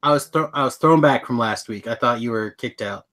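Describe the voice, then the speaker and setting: A man's voice: mid-range voice, a little fast, fairly bright tone. A middle-aged man co-hosting a casual podcast chat, joking and rambling on a webcam call. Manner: joking, rambling, hums tunes. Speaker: podcast co-host. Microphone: webcam video call.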